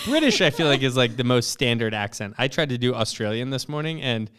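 A man's voice: medium pitch, animated, fairly quick, fairly bright tone. A man in his thirties co-hosting a podcast in casual chat, rambling and hesitant with lots of fillers and self-deprecating humor. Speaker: podcast co-host.

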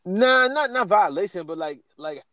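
A man's voice: sits high, expressive, normal speed, a crowd in the background. A man co-hosting a podcast in casual chat, slangy, with stammering restarts. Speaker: podcast co-host.

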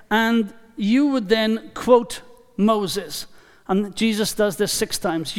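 A man preaching a sermon in a church, emphatic and deliberate, repeating key phrases for weight. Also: high voice, clear, resonant tone. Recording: long reverb of a large hall.

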